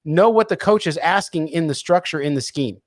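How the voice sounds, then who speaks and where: A man's voice: fairly high pitch, lively intonation, brisk, no echo, clean studio sound. A man co-hosting a sports radio show who reads listener comments aloud and answers them in casual chat.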